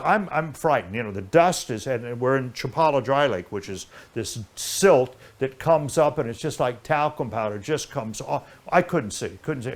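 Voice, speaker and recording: An older man, a guest in an interview, telling a long anecdote in a lively, rambling way with many restarts. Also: mid-range voice. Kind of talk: casual anecdotal storytelling.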